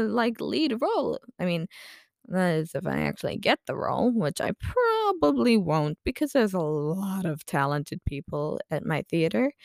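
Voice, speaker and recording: A vlogger chats casually in a lowish, slightly tired voice, rambling and poking fun at herself with plenty of fillers. The studio sound is clean, with no echo.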